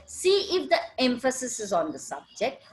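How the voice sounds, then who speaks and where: A woman teaches grammar in a recorded lesson. Her voice sits fairly high and moves up and down a lot. She keeps asking questions and answering them herself, checking in with "right?" along the way. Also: wildly swooping pitch, moderate pace, slight background noise, low-quality recording.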